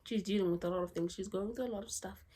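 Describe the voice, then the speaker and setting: A woman's voice: medium pitch, quick pace, breathy edge. Chatty woman vlogger ranting at home. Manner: chatty, ranting, animated asides. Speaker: book vlogger. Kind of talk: casual chat.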